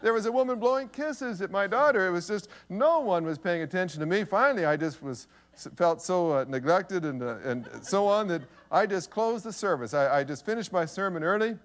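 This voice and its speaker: A man's voice: high-pitched, expressive, a little fast. A middle-aged pastor preaching a sermon, telling a story with humor at his own expense. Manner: humorous, self-deprecating storytelling.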